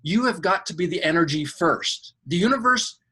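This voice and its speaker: Bright-voiced enthusiastic male coach. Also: normal speed, slightly rough. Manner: acts out angels' voices in a higher, excited tone; enthusiastic, spiritual coaching talk. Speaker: podcast guest, coach. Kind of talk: animated storytelling interview.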